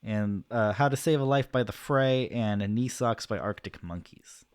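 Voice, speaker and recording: A man's voice: medium pitch, moderate pace, clear, resonant tone, dry recording. Dry matter-of-fact man co-host. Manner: matter-of-fact, reads off a list. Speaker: podcast co-host. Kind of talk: casual chat.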